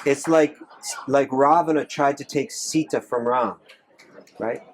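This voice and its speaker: Man, monk at live Q&A, earnest, restarts often, mid pitch. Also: a little slow, a little hiss or hum, poor audio. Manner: earnest, repeats phrases, frequent restarts. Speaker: monk answering audience questions. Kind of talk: live Q&A talk. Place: temple hall with audience.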